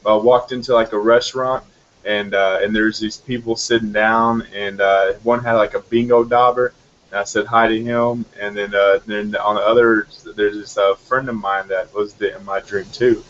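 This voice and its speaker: A man in casual chat, speaking hesitantly with many pauses and fillers. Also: on the low side, little pitch movement, fairly bright tone, muffled recording.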